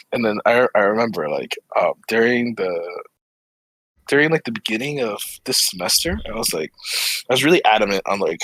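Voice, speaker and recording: Lively young man telling a story. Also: fairly low pitch, breathy edge, low-quality recording. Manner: animated storytelling, acts out quoted friends. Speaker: podcast co-host. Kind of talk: casual group chat.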